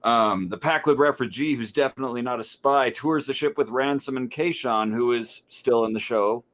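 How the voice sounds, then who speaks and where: A man running through an episode recap on a podcast. He talks in a steady monotone that barely rises or falls, in the loose style of a casual chat among friends. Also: mid-range voice, moderate pace. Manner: monotone delivery.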